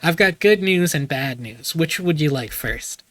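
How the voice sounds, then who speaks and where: A man reading the lines of a formal male lawyer giving a report by phone in a game, in a measured tone. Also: a little high, lively intonation, a bit bright, no room sound, rough recording. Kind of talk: reading game dialogue aloud.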